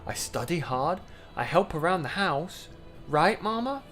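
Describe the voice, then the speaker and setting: Playful read: a man playing an innocent little girl, lifted pitch, earnest and sweet. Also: sing-song, a little slow, fairly bright tone, soft background music, heavily acted.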